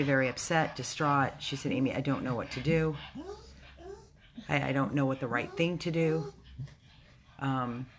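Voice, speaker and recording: Very low-voiced woman rescue volunteer. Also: a little hiss or hum. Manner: emotional, halting, with restarts. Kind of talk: casual video update. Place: rescue house, indoors.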